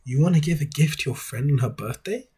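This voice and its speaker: A man voicing Luigi as an excitable, teasing young man with giddy hooting in a cartoonish impression. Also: a little high, fast talker, slightly rough, voice pushed up.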